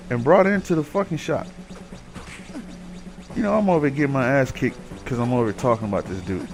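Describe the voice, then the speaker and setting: A man in a mid-pitched voice recounting a workplace grudge while playing a game, swearing constantly and drifting through fillers. He gets heated and loud as he rants, with faint game music underneath. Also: gravelly. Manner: profane, rambling, gets heated while ranting. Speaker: gaming commentator. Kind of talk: casual storytelling over gameplay.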